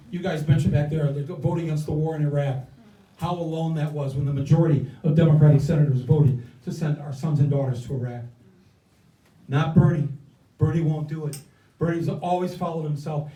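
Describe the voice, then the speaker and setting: With a voice on the high side and a dark tone, an older man gives a passionate stump speech as a campaign guest speaker at an indoor event. Repetitive, rousing cadences hammer his points home. The recording comes from a distant mic in an echoey space.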